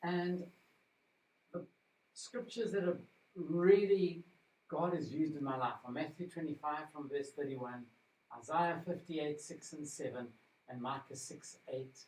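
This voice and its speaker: A male pastor talks in a relaxed, reflective way, as if sharing a personal story with the congregation. His voice sits a little high and reaches the mic from a distance. The room around him is echoey. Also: measured pace. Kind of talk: informal church talk. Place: church.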